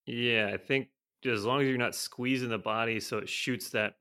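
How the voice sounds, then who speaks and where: A man's voice: medium pitch, normal speed. A man co-hosting a casual podcast, telling a story animatedly and acting out the people in it. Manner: animated storyteller, acts out quotes with laughs. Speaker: podcast co-host.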